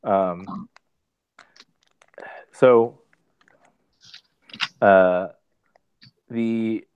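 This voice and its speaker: A man player talking through a tabletop game scene, halting and full of fillers. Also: on the low side, fairly even intonation, smooth, dry recording. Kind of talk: casual tabletop game chat. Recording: dry dull lo-fi call audio.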